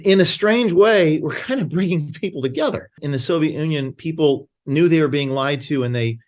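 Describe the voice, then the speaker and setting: A man's voice: a little high, normal speed, a little mellow. Emphatic man telling stories as a guest. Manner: emphatic, anecdotal, frequent restarts. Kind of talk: casual conversation.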